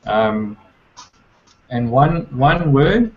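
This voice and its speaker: A relaxed South African man on a video call, with a mid-pitched voice. He talks in an easygoing way. The audio is dull and lo-fi. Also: measured pace. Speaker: guest. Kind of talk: casual group video chat.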